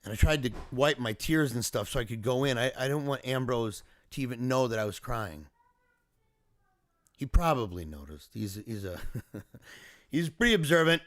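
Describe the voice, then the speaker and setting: Man in a video diary, reflective and earnest, medium pitch, dry and close. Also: lively intonation, normal speed, no echo. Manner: earnest, emotional, reflective storytelling. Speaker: father recounting a family emergency. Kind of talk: personal video diary monologue.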